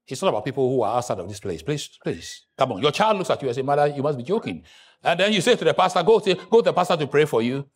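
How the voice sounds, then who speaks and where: Preaching fast and with great animation, a man in the role of pastor alternates between hushed remarks and booming, shrill bursts.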